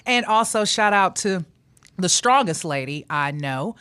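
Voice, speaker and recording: A woman's voice: lowish voice, expressive, measured pace, fairly bright tone, clean tone, no room sound. A woman hosting a radio show in casual, playful chat, teasing her co-host and laughing easily. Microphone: studio microphone.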